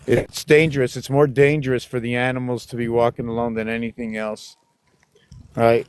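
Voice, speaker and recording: A man's voice: mid-range voice, little pitch movement, normal speed, clean tone, dry recording. Man rambling aloud on a dog walk. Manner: rambling, muses aloud, scolds the dogs in exasperation. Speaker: vlogger walking his dogs. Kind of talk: rambling walking vlog. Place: outdoors on a walk in the park.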